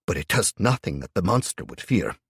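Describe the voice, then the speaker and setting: A man's voice: deep voice, very animated, a little fast, gravelly, fairly bright tone, slightly rough, no room sound, pitched above the performer's own voice, full character voice. A man voicing a stoic, injured old man in an audiobook, formal and kindly in manner. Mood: wry, stoic.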